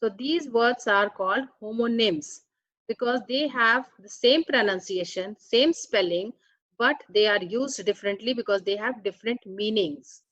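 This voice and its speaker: In a slightly high, fairly bright voice, a woman teaches English grammar slowly, going through words and their definitions one at a time with careful deliberation. There's no echo, and the sound is lo-fi.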